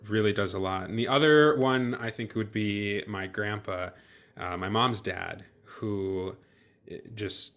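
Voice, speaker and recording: A young man, a guest in a casual interview, speaking in a hesitant, good-humored way with frequent pauses and restarts. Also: lowish voice, a bit bright. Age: young adult. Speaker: guest, new father.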